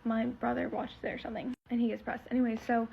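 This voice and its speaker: A woman's voice: a little high, level tone, fast talker, creaky, a little hiss or hum. A teenage girl telling a story in a casual vlog, rambling and full of fillers as she retells something emotional. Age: teens. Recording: slightly muffled lo-fi recording.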